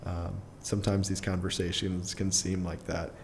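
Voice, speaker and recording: A young adult man, a podcast guest, telling a personal story in a casual, rambling way full of fillers and quick chuckles. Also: sits low, completely flat delivery, creaky, slight background noise. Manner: rambling, filler-heavy, restarts often, chuckles through his story.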